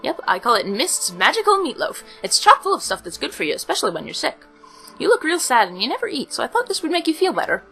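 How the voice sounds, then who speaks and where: A sweet, eager young girl reaching out to make a friend, as a woman voices her. Her voice is lifted high and bright. Light game music sits behind it. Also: huge pitch swings, fast, exaggerated voice.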